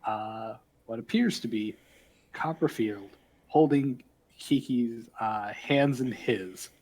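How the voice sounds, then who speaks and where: A man's voice: mid-range voice, slow, darkish tone, a little hiss or hum, poor audio. A man narrating a tabletop game as game master, hesitant and full of fillers and restarts.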